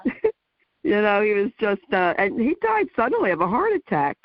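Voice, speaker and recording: A woman's voice: medium pitch, wildly swooping pitch, normal speed. A woman in her sixties hosting an interview, chatting casually with fillers and laughs. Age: 60s. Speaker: interview host. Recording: dull lo-fi dry sound.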